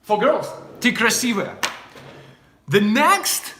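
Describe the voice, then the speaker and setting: Animated man with a Russian accent. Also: sits high, echoey room, a little hiss or hum. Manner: animated, repeats phrases slowly. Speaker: language teacher. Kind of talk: casual language lesson.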